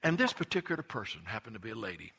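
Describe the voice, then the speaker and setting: A middle-aged man preaching a sermon, telling stories and swinging between hushed asides and impassioned emphasis. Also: fairly low pitch, very animated, very fast, vocal fry, breathy edge. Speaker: pastor.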